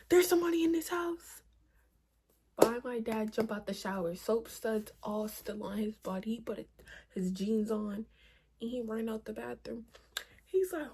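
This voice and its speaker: Speaking in a mid-range voice over some background noise, a young woman shares a storytime vlog. She tells her personal tale with drama and swearing, frequently turning aside to talk to her audience.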